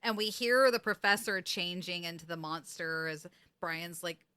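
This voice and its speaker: Woman podcast host, bright voice, animated recap, keeps doing the characters' lines. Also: fairly low pitch, moderate pace, clear, resonant tone. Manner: animated storytelling, acting out quotes, laughing. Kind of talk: casual recap chat.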